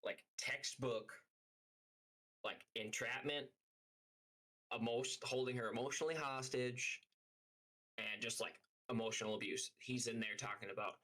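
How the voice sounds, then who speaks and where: A man's voice: medium pitch, steady tone, a little slow, long pauses, bright, forceful tone, rough recording. A young man casually telling a story on a live stream, rambling and swearing often, with lots of "like". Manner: profane, rambling, heavy use of "like".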